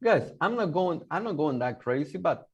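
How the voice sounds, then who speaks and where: Husky higher-voiced man with Salvadoran accent. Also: sing-song, moderate pace, dull audio. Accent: Salvadoran Spanish. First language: Spanish. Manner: emphatic, repeats "okay?" and "guys", frequent restarts. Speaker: podcast guest. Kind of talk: personal storytelling in a podcast interview.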